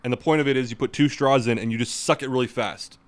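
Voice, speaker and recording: A young man co-hosting a podcast in casual chat, rambling with a dark sense of humor. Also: mid-range voice, fairly even intonation, fast. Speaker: podcast co-host.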